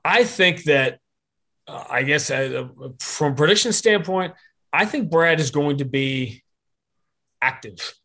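A man's voice: fairly high pitch, animated, takes it slowly, sharp tone. A man talking as a podcast guest, rambling and opinionated, often correcting himself mid-sentence. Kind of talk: casual podcast conversation.

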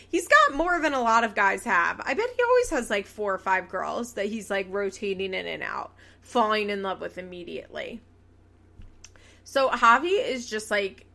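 A young woman hosting a podcast, recapping a reality show in casual, animated chat, sarcastic and quick to swear and laugh. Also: mid-range voice, vocal fry. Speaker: podcast host.

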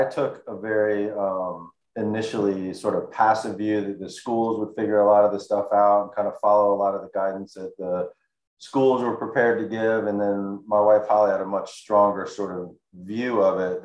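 Man, low voice, hesitant and reflective, echoey room, video call. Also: darkish tone. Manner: reflective, hesitant, many fillers. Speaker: panel guest. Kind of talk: personal story in panel talk.

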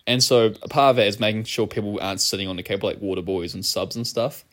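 A man's voice: fairly low pitch, steady tone, quick pace, fairly bright tone. A young man, telling a rambling, laugh-filled story in casual chat.

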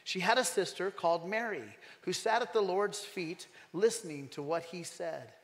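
A man's voice: sits high, normal speed. Male pastor preaching in a reverberant hall. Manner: animated, emphatic, asks the congregation questions. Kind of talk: sermon.

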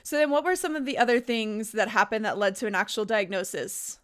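A woman's voice: fairly high pitch, a little fast, a bit bright. A woman hosting a podcast interview, listening attentively, giving short affirmations and asking questions that prompt her guest to go on. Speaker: podcast host.

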